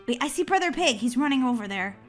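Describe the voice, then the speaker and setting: A woman hosting a gaming channel, chatting excitedly through a video game and squealing when she is chased. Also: high-pitched, fast talker, faint music behind. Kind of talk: playing a video game with commentary.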